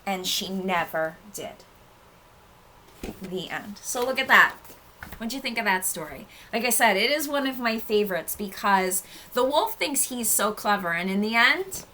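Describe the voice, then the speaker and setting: A nursery school teacher, a woman, reading a storybook aloud to young children with expressive, sing-song storytelling. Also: mid-range voice, a little slow, a little hiss or hum, low-quality recording.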